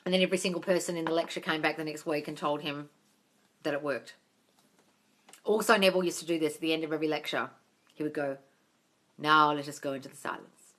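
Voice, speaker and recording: A woman's voice: low voice, quick pace, long pauses. A woman hosting a casual live-stream Q&A as a manifesting coach, answering questions bluntly, swearing freely and calling listeners darling.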